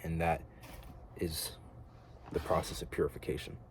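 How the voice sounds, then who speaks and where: A man's voice: extremely low pitch, level tone, normal speed, slight background noise. A young American man giving an earnest, rambling spiritual monologue to camera, casual and slangy with lots of filler words. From United States. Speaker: vlogger.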